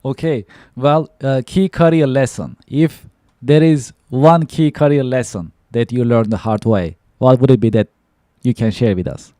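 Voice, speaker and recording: Podcast host, man with a mellow, dry sound, upbeat brief questions. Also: mid-range voice, measured pace, no room sound. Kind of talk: interview questions.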